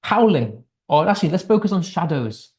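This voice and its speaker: A man's voice: high-pitched, sing-song, moderate pace, darkish tone. Patient British male English tutor. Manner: patient, repeats points, checks understanding. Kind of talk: spoken lesson explanation.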